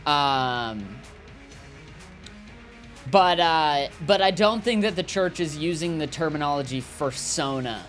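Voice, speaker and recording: A man's voice: on the high side, takes it slowly, pauses often, a bit bright. Streamer guy rambling and joking while he plays, lots of likes and you knows, faint music behind. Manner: rambling, jokey, lots of fillers. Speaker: gaming streamer. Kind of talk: casual gameplay commentary, reading chat.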